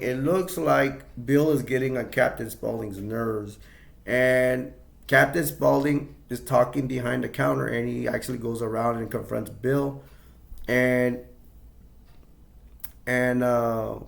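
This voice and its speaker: A man's voice: medium pitch, fairly even intonation, normal speed, gravelly. A man casually retelling a movie scene, rambling with many restarts and fillers. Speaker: movie reviewer.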